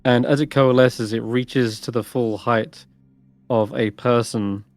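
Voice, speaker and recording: Guy running a tabletop game, talks slow, lots of ums, dry sound. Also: mid-range voice, steady tone, a little mellow, dry recording, faint music behind. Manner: hesitant, descriptive, with many fillers. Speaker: game master.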